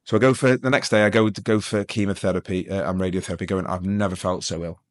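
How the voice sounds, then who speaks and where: A middle-aged man from England with a deep, low voice tells his story at a rapid clip. He rambles, restarts his sentences, and drops jokes into serious moments. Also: fairly even intonation. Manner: rambling, self-interrupting, joking. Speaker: guest. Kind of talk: storytelling interview.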